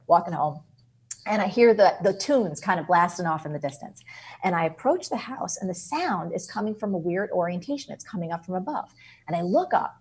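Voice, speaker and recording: A middle-aged woman from New Jersey, a guest author telling an animated story in an interview. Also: mid-range voice, husky. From New Jersey, USA. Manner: lively, expressive storyteller.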